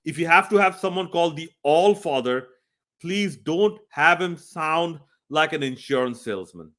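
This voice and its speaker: A man's voice: on the high side, expressive, moderate pace, fairly bright tone. A man reviewing a video game, speaking earnestly and emphatically straight to his viewers. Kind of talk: scripted review talk.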